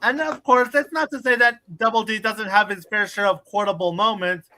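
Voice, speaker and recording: A man's voice: sits high, steady tone, fairly quick, pushed and bright, a little hiss or hum, rough recording. A man hosting a casual podcast and putting questions to his guest. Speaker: podcast host. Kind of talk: casual chat.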